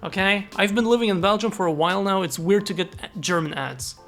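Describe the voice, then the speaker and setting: A woman's voice: mid-range voice, fairly quick, a bit bright, faint music behind. A young woman streaming live, chatting casually with viewers, thanking them and swearing freely.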